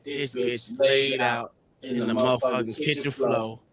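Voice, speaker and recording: A man hosting a casual podcast, telling profane stories loudly and laughing through them. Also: mid-range voice, steady tone, a little slow, a crowd in the background. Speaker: podcast host. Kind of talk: casual crude storytelling.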